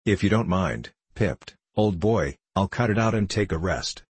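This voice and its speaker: A man's voice: low voice, animated, a little slow, husky, no echo, full character voice. A man voicing a surly living phonograph with a brazen, scratchy voice. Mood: weary.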